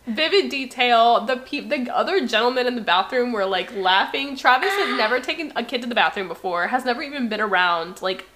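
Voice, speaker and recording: Woman, podcast co-host, casual chat, bright, slightly high, lively anecdotes. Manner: lively anecdotes, quick asides, laughing.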